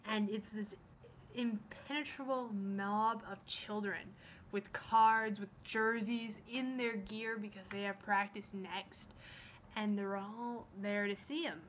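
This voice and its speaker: A young adult woman, vlogging in a rambling, excitable way, sometimes dropping to soft, near-whispered asides. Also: medium pitch, takes it slowly, a little hiss or hum, low-quality recording. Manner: excitable, rambling, gushing storyteller who acts out quotes. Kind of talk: casual chat.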